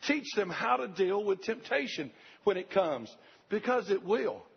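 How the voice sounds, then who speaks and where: A man's voice: high voice, very animated, unhurried, gravelly, slightly rough. An older man preaching a sermon, earnest and repetitive, speaking straight to the congregation. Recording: dull lo-fi recording.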